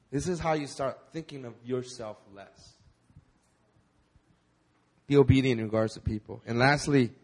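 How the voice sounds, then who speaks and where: A man preaching a sermon at a church service, animated and repeating words for emphasis. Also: mid-range voice, husky. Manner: animated, acts out quoted voices, repeats words when stressing. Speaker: pastor.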